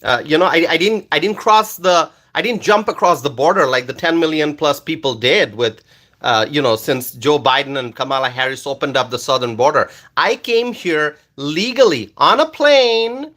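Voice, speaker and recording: A man from Bangladesh, hosting a casual livestream and reading viewer comments aloud, animated and loud at times. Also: medium pitch, brisk. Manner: animated, loud at times, with many fillers and repeated words. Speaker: livestream host reading chat.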